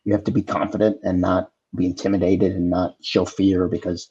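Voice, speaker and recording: Low mellow-voiced man telling set stories. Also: brisk, husky, highs cut off. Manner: storytelling with animated impressions. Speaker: actor guest. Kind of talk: casual anecdotes on a video call talk show.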